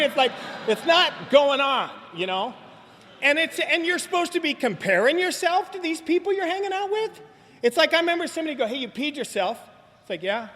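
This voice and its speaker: A man's voice: extremely high pitch, sharp tone. A man in his forties from Southern California, giving a rambling, joking recovery talk to a meeting audience. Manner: joking, rambling storyteller, fond of asking "you know what I mean?". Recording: live talk with long hall reverb.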